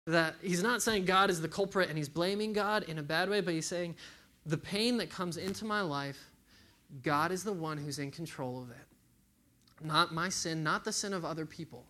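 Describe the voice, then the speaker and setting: A man's voice: on the high side, fairly bright tone. Man preaching a casual sermon. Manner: casual, conversational preaching with acted quotes.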